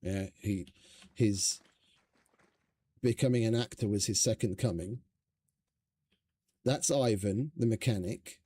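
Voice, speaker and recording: A man's voice: lowish voice, slow, long pauses, warm tone. A man streaming a survival game, chatting casually in a rambling, profane, stop-start way. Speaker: gaming streamer. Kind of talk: casual gameplay commentary.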